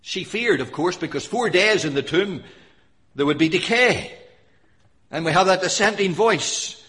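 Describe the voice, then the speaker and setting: A man preaching a sermon with earnest emphasis, reading scripture aloud and swinging between loud stressed phrases and soft quiet ones. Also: high-pitched, animated, unhurried. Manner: reads scripture in King James wording.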